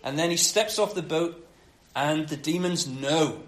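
High-voiced preacher, animated. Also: male voice, measured pace. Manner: animated storytelling with acted-out quotes. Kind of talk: sermon. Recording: roomy echo.

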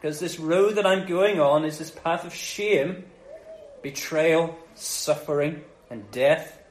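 A man voicing Jesus as a calm, unfazed teacher who talks plainly and gently. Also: slow, roomy sound, slight background noise, low-quality recording. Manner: calm, low-key, matter-of-fact.

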